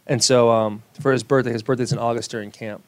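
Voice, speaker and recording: A man's voice: mid-range voice, fairly even intonation, fast talker. A young man chatting as a podcast guest, rambling through stories and laughing at himself. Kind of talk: casual podcast chat.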